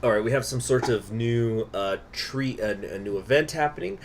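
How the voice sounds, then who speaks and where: A man's voice: medium pitch, moderate pace, noisy background. A man casually commentating his strategy game on a live stream, chatting with viewers as he goes. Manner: chatty, answers chat, many fillers.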